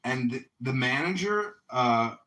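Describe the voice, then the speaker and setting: Young male candidate, bright lively storyteller, casual chat. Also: medium pitch, a little slow. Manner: animated storytelling, acts out quoted voices loudly. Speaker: mayoral candidate.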